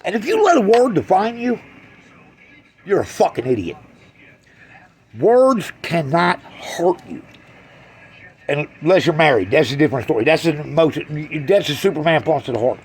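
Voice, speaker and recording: A man doing a crude, brash stand-up routine on a club stage, swinging from loud jabs to low mutters. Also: big pitch swings, moderate pace, long pauses. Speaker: stand-up comedian.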